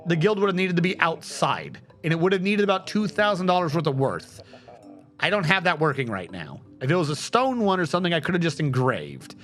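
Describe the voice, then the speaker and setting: A man's voice: fairly high pitch, sing-song, brisk, a bit bright, soft background music. A man streaming a game live, giving casual, profane commentary and talking to his chat.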